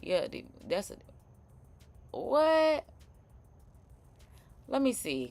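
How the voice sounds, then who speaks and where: A woman with a New Orleans accent hosting a live stream, reacting to news clips in slangy, animated, casual chat. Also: medium pitch, very slow, gravelly. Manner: animated, chatty, slangy, laughing asides.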